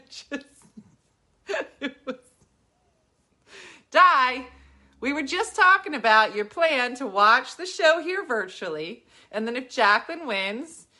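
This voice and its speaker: A woman comedian telling a funny story on a talk show, animated and laughing often. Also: high-pitched, takes it slowly, long pauses. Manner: animated, laughs often, sound-effect riffs.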